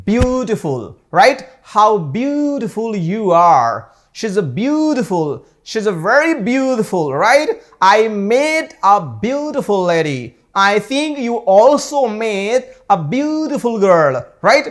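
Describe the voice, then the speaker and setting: A man with an Indian English accent teaching pronunciation in a classroom lesson. He says each model word slowly and carefully, then drops into quick asides in Hindi. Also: sits high, very animated. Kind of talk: classroom lesson, repeat-after-me drills.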